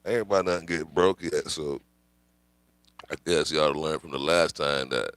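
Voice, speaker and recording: A man's voice: very deep voice, steady tone, normal speed, a bit bright, dry recording. A man hosting his own livestream, ranting casually with rambling, profane slang and frequent laughter. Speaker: livestream host. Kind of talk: casual live-stream rant.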